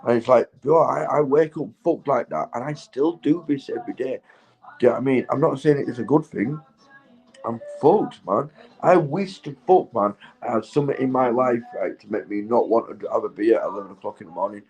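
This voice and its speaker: A man's voice: mid-range voice, fairly quick, a little mellow, poor audio. A man, stoned, rambling in a casual vlog monologue, swearing heavily and laughing often. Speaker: vlogger.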